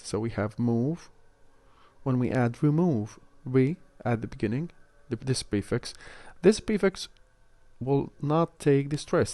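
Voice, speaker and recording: Mellow-voiced man giving a halting phonetics lecture. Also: mid-range voice, no echo. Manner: measured, explanatory, frequent "uh" hesitations. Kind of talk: recorded online lecture.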